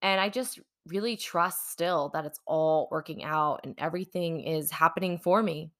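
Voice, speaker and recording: A woman's voice: deep voice, normal speed. A woman hosting her own podcast, telling a personal story in a rambling, chatty way full of fillers. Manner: rambling, chatty, many "like" and "you know" fillers. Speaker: podcast host and manifesting coach.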